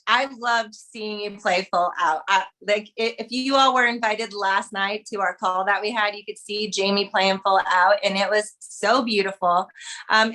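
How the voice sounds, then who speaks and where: A woman's voice: on the high side, sharp tone, low-quality recording. A woman co-hosting a group call, introducing speakers in a gushing, effusive way.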